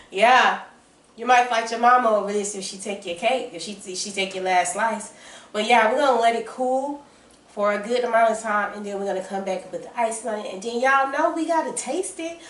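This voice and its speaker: A woman with a Southern US accent chatting excitedly and casually while baking in her home kitchen, calling her viewers y'all and baby. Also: fairly high pitch, recorded from a distance. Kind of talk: casual chat to camera. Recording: roomy kitchen sound, off-mic.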